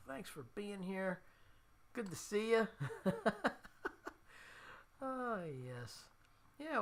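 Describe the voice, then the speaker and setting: A man's voice: a little high, bright, forceful tone. A man with a New Jersey accent, hosting a casual guitar livestream and chatting with viewers. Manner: chatty, jokey, talking to the chat.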